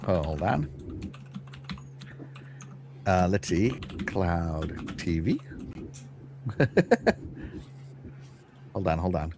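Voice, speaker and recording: A man's voice: sits low, lively intonation, extremely slow, pauses often, noisy background. A man hosting a casual live-stream show, talking to his chat with lots of fillers and restarts. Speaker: podcast host.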